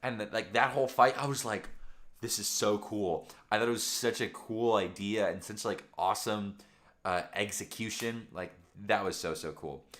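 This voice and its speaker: A young man with a low, deep voice chats casually with viewers on a late-night home livestream. He rambles with excited fan energy, and his pitch jumps up when he gets worked up. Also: normal speed. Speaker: livestream host. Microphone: camera microphone.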